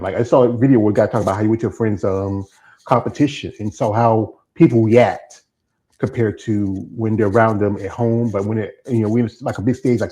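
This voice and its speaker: A man's voice: lowish voice, dark tone, rough recording. A man with a Northern US accent and a slight Southern twang, hosting an interview in a loose, rambling, chatty way. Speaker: interview host. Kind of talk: casual interview chat.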